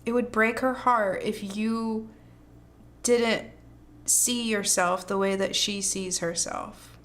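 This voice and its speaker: A woman gives a pick-a-card tarot reading at an unhurried pace. She gushes and hypes the listener up in slangy, effusive talk, often breaking into laughter. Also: medium pitch, fairly even intonation, fairly bright tone. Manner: gushing, hyping, laughs often. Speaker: tarot reader.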